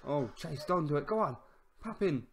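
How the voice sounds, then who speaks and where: A man giving casual commentary on his own football management game, excitable, shouting at near misses and goals, and wry about the player names he stumbles over. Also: a little high, normal speed, vocal fry, breathy edge. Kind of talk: casual let's-play commentary.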